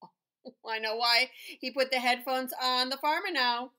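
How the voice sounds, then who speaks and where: A woman's voice: high voice, fairly even intonation, measured pace, pushed and bright. A woman reading a picture book aloud, breaking off into chatty asides and acting out the animal sounds. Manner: chatty asides to the listener between pages. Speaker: storybook reader.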